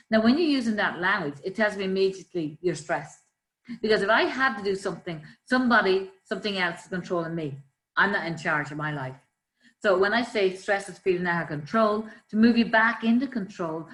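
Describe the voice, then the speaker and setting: A woman, a life coach, calmly explaining ways to manage stress with everyday examples. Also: medium pitch. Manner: calm, explanatory, gives examples. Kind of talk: conversational coaching talk. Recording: roomy echo.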